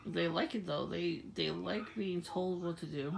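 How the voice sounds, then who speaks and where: A woman's voice: lowish voice, unhurried, gravelly, noisy background. A woman talking casually to camera, laughing often as she rambles through a story. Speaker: vlogger. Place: outdoors at night.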